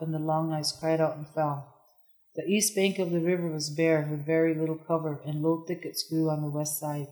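A narrator reading a historical novel aloud in a measured, even delivery. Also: mid-range voice, poor audio. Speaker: audiobook narrator.

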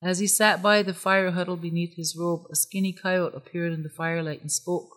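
Measured storyteller, calm, story read aloud. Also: mid-range voice. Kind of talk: scripted story narration.

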